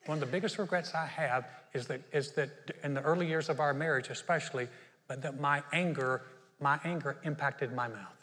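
Humorous pastor preaching in an echoing hall. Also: male voice, fairly high pitch, a little fast. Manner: humorous, animated, storytelling with asides. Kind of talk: sermon.

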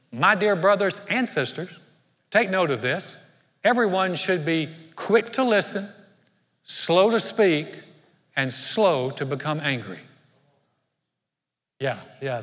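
A man's voice: fairly high pitch, fairly bright tone. A middle-aged male pastor giving a sermon, talking conversationally and joking with the congregation. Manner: conversational, self-deprecating humor with the congregation. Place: church sanctuary. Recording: long hall reverb.

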